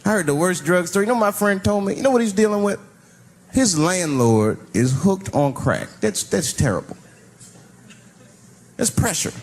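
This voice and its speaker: A man performing stand-up comedy, telling stories in a wry way and swinging between loud and low delivery. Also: expressive, moderate pace, pauses often. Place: theater stage with audience. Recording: live stage mic with crowd laughter.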